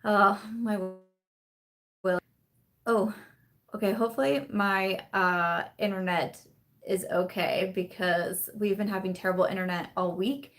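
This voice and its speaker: Young woman vlogger, casual live-stream host at home, chatty and rambling, quick to laugh. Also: mid-range voice, steady tone, a bit bright. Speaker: vlogger hosting a live chat. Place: at home in the evening.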